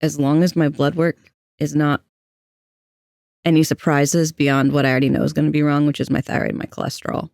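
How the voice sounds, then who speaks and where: Trans man podcast co-host, young adult, gravelly, dry close mic, candid storyteller. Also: a little high, flat delivery, fairly quick, darkish tone, dry recording. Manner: candid, anxious, self-deprecating storytelling. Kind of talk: casual personal storytelling.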